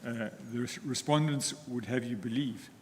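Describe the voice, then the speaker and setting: A male advocate, presenting a legal argument in a measured, formal manner, pausing often between phrases. His mid-pitched voice carries a long echo from the courtroom, with faint ambient noise behind him. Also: a little mellow. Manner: measured, deliberate, formal, with frequent pauses. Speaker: counsel for the applicants.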